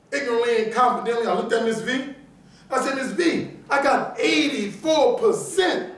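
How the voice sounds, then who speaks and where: In a big auditorium, a motivational speaker from New Orleans, USA, with a New Orleans accent, delivers a keynote and animatedly acts out the people in his stories. His voice has an extremely high pitch and a moderate pace. The sound is echoey and recorded from far off.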